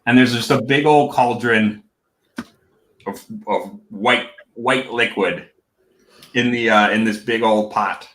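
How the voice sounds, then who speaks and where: A man is game master for a tabletop game, narrating casually and stopping often to restart his sentences. His voice is bright and forward. The room gives it a noticeable echo. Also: medium pitch. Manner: halting, full of fillers and restarts.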